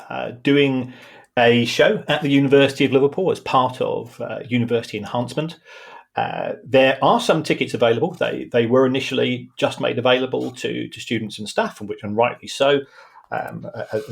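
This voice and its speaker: A man's voice: mid-range voice, vocal fry. A man co-hosting a podcast in casual chat, hesitant and full of filler sounds. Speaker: podcast co-host.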